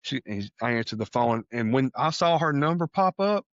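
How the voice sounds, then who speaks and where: A man from Texas telling a personal story on a podcast, animated, acting out the voices of people he quotes. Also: mid-range voice, normal speed, dry recording, muffled recording. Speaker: podcast guest. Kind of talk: casual storytelling.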